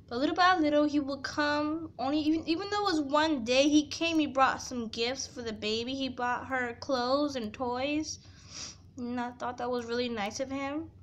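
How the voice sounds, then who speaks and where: A woman's voice: high voice, highs cut off, slight background noise. A young woman vlogger telling a painful personal story to camera, heartfelt and tearful, filling her talk with "you know". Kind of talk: emotional storytime confession.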